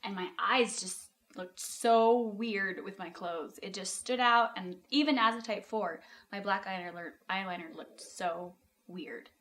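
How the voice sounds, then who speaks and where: A woman's voice: medium pitch, a little slow, fairly bright tone. A woman style expert chatting casually in a group, laughing often as she talks. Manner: giggly, laughs often while talking.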